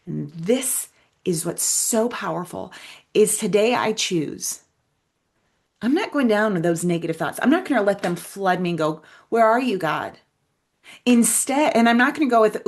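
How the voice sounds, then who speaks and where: A woman hosting a faith-based motivational podcast, talking earnestly and emphatically straight to her listeners, sometimes dropping to a soft hush for prayers. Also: medium pitch, expressive, moderate pace. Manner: earnest, emphatic, addresses listeners as "you guys". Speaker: podcast host.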